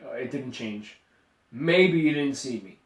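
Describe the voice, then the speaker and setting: A man's voice: mid-range voice, animated, unhurried. A man co-hosting a podcast, chiming in with dry, teasing remarks. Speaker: podcast co-host. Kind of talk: casual chat. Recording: echoey room, mic at a distance.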